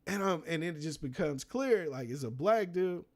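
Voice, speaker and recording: A man's voice: animated, normal speed, a little mellow. A man who produces beats, telling a casual, profane story during a livestream and acting out the people he quotes. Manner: slangy and profane, acts out quoted people in a higher voice. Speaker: beat producer streaming his sessions.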